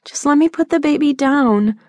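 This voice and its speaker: A woman voicing a frightened fifteen-year-old girl who pleads softly, in an audiobook. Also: sits high, normal speed, no echo, pitched above the performer's own voice, close to an everyday voice. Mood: pleading softly. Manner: soft, pleading, hushed. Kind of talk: audiobook character voice. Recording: dry close studio sound.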